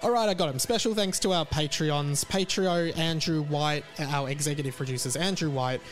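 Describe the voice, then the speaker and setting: A man's voice: on the high side, moderate pace, faint music behind. A man hosting a podcast, chatting casually and rambling through plugs with plenty of fillers. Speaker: podcast host.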